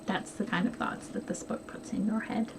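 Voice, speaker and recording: A middle-aged woman hosting a knitting podcast, talking quickly and casually with plenty of ums. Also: medium pitch, fairly even intonation. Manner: chatty, quick and rambling with many ums. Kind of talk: casual chat to camera. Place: at home. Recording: noisy home recording.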